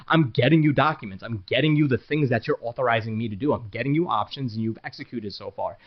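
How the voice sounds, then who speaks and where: A property manager talks casually to the camera about his business, frank and rambling, full of fillers and restarts. His voice sits at a medium pitch, and the high frequencies are cut off.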